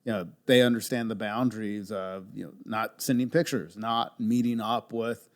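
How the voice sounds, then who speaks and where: A man's voice: fairly low pitch, steady tone, normal speed. A man in his thirties in casual podcast conversation, easygoing and laughing along often. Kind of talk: casual chat.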